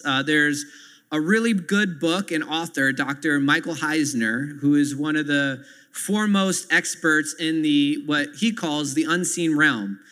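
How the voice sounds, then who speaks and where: A man's voice: a little high, bright, forceful tone, clean tone. A man preaching a sermon as pastor, earnestly explaining scripture and stopping to add asides to his listeners. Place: church sanctuary. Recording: long hall reverb.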